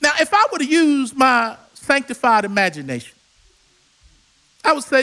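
Brief: male preacher, sermon, very high and ringing voice, dramatic storyteller. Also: very animated, normal speed, pauses often, bright, forceful tone. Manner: dramatic storytelling with call-and-response.

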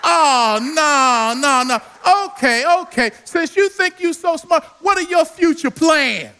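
Brief: a man playing a condescending old temple scholar, very high and piercing, scolding and incredulous. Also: slow pace, sharp tone, exaggerated voice. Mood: exasperated. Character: skeptical older male temple scholars, condescending.

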